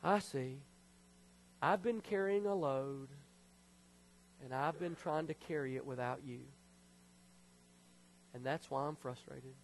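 A man preaching a sermon as pastor, passionate and then quiet and confessional. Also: a little high. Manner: emotional, confessional preaching that drops to a hush. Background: soft piano music.

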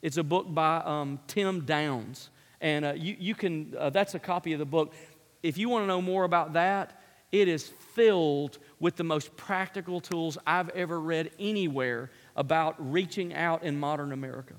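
A man with a high voice delivers a sermon as a pastor, pressing his points home by repeating short phrases. His words ring out with a long reverb from the hall around him. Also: normal speed. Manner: emphatic preaching, repeating key phrases.

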